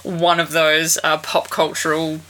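A man co-hosting a casual podcast, relaxed and laughing often, mimicking people he heard. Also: fairly high pitch, a little slow, a little hiss or hum. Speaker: podcast co-host.

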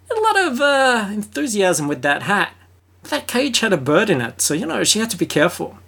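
An Australian podcast host giving a solo film review, sarcastic and fond of swearing, with mock-excited asides. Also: mid-range voice, normal speed, vocal fry, breathy edge.

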